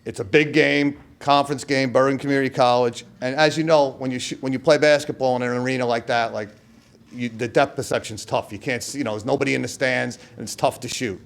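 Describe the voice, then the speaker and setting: A man's voice: medium pitch, fairly even intonation, brisk, gravelly. A middle-aged man with a New York accent giving a hall of fame acceptance speech, telling stories and acting out the voices of people he quotes. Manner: storytelling, acts out quoted voices, trailing asides.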